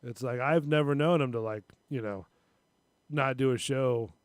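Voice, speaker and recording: A man hosts a loose live-stream chat show and rambles through his stories, doing quick voices for the people in them. His voice sits at an ordinary middle pitch. It is recorded close and dry. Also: dry recording. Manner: rambling, retells phone calls with voices. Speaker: show host.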